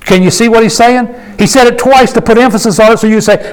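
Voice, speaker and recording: A man with a high voice preaches in a loose, conversational way to a small gathering. He is folksy and emphatic and keeps asking the congregation questions. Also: fairly even intonation, fast, few pauses, clean tone, low-quality recording. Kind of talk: conversational sermon with call and response.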